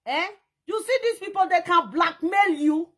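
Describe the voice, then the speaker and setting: A woman with a Nigerian Pidgin accent giving an animated, scolding commentary rant. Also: extremely high pitch, normal speed. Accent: Nigerian Pidgin English. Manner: scolding, animated, mimics and sing-songs.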